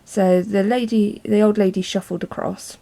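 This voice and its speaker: Brief: chatty woman vlogger, mid-pitched with vocal fry, lots of ums. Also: steady tone, normal speed, warm tone. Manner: chatty and rambling, many ums. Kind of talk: casual storytelling vlog.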